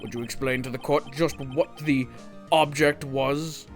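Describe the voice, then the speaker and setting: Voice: medium pitch, steady tone, a little slow, soft background music, close to an everyday voice. A gamer reading a stern older male judge's lines aloud from a game.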